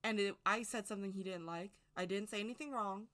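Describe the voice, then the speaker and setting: A woman who makes witchcraft videos delivers a casual, rambling opinion monologue straight to camera. Her medium-pitched voice is fast, bright and forceful, and she speaks emphatically to her viewers.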